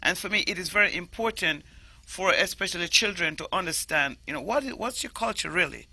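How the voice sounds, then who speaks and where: A Jamaican woman, a storyteller, explaining things in an animated interview. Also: fairly low pitch, fairly quick, vocal fry, husky, dry recording. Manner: animated, explanatory, stresses words emphatically. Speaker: storyteller guest. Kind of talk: interview conversation.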